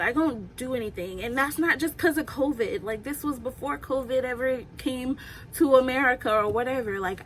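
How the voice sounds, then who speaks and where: Bright chatty young woman vlogger. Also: on the high side, slight background noise, rough recording. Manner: chatty and candid, laughs often. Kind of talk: casual Q&A vlog.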